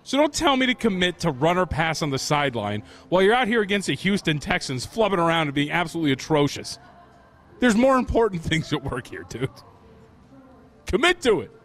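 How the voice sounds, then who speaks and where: A man co-hosting a sports talk show in casual chat. His voice is a little higher than most, with a lively, swinging intonation. He argues in emphatic, opinionated rants. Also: fast.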